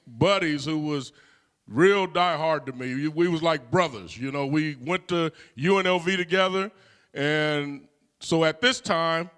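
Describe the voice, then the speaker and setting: A man's voice: a little high, measured pace, fairly bright tone, clean tone. A middle-aged man from California telling a personal life story in a conversational way, with frequent "you know" fillers. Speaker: guest.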